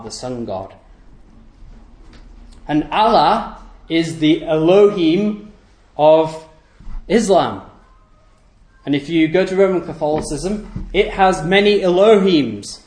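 A man's voice: fairly high pitch, a little mellow. A man preaching a sermon to a congregation, asking rhetorical questions and repeating key phrases for emphasis. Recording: echoey room.

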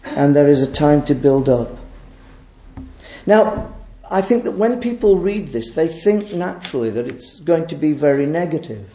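A man preaching a sermon in an earnest way, asking rhetorical questions and moving between loud and hushed delivery. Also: on the high side, animated, moderate pace, roomy sound.

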